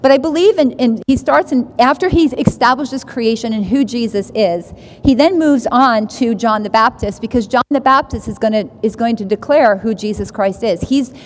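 A woman leads a Bible study, reading verses and explaining them in a loose, conversational way, often circling back and checking in with her listeners. Her voice sits a little high, and a long reverb trails after her words as if she is in a large room. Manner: conversational, restarts phrases, asks "right?". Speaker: Bible teacher.

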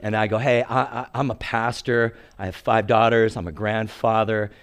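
A man's voice: on the low side, moderate pace, smooth. Humorous older male pastor preaching. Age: 60s. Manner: humorous, animated storyteller. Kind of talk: sermon with storytelling.

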